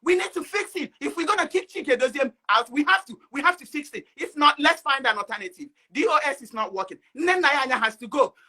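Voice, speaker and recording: An upset woman caller giving an impassioned speech, agitated and often shouting out rapid questions. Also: high-pitched, animated.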